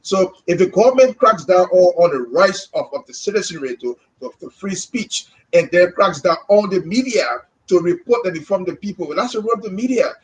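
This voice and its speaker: Impassioned Liberian man, high voice. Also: expressive, a little fast, few pauses, muffled recording. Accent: Liberian English. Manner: impassioned, repeats words when stirred. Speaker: co-host. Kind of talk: live podcast discussion.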